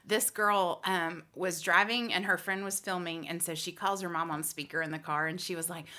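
A woman's voice: lowish voice, steady tone, fairly quick, hardly any pauses, sharp tone. A woman co-hosting a casual podcast, telling stories animatedly, laughing often and acting out the people she quotes. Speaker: podcast co-host.

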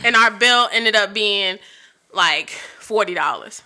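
A woman telling a lively story in a casual chat with her husband, animated and laughing as she talks over him. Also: medium pitch, slow pace.

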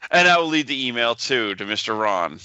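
Very bright-voiced podcast host man. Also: medium pitch, animated, brisk, clean tone, no room sound, highs cut off. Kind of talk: casual chat.

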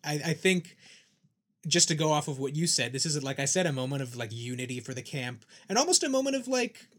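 A man's voice: a little high, expressive, a little fast, a bit bright. Thoughtful man in casual podcast chat. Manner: thoughtful, restarts sentences, analytical. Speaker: podcast co-host.

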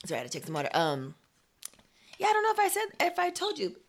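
A woman co-hosting a podcast, telling a story in casual chat with lively, profane asides and acted-out quotes. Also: sits high, fast. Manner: animated storytelling, lots of swearing and acted-out quotes. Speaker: podcast co-host. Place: home. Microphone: remote recording.

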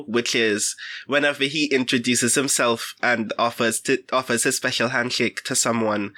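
A man's voice: mid-range voice, pushed and bright. A man playing a tabletop game, thoughtful and explanatory. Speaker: player. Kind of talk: casual tabletop play.

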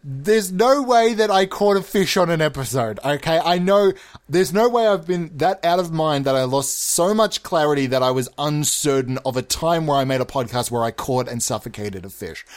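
A man hosting a comedy podcast, ranting in a theatrical, mock-offended way and over-enunciating his words. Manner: over-enunciating, sliding between exaggerated high and low voices. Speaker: podcast host.

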